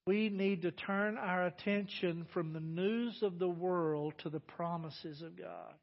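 A male pastor delivers a sermon in a fairly high voice, pushing phrases out loudly and then dropping to quiet, personal asides. His voice carries a long, ringing reverb from a large church space. The recording itself sounds somewhat dull and muffled. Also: unhurried, creaky. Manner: emphatic preaching, swinging between loud declarations and quiet asides.

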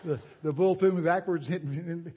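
A man's voice: on the high side, fairly even intonation, brisk, long reverb tail, dull audio, background noise. An older man preaching a sermon as a guest speaker, folksy and emphatic, weaving homespun stories into his preaching in a church. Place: church sanctuary.

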